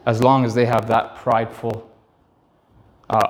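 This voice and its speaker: A man's voice: medium pitch, flat delivery, a little slow, long pauses. A man in his thirties preaching to young men in church, telling a personal story and emphatically repeating key phrases.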